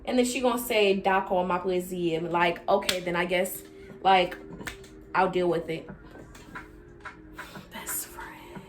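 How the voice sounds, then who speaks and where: A young woman vlogger telling a casual storytime, acting out quoted lines with big jumps in pitch and dropping into quiet low asides. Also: steady tone, moderate pace, music in the background.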